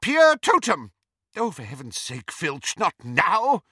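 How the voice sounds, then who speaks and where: A man's voice: sits high, wildly swooping pitch, slow pace, sharp tone, slightly rough, no echo, studio quality, pitched above the performer's own voice, exaggerated voice. A man voicing a stern, commanding older female witch with a clipped, authoritative manner in a storybook reading. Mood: exasperated.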